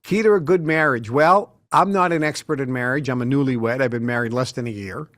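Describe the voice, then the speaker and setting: A middle-aged man as an interview guest, telling lively anecdotes and acting out the people he quotes. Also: mid-range voice, fairly quick. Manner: animated storyteller who acts out quotes. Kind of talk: casual interview talk.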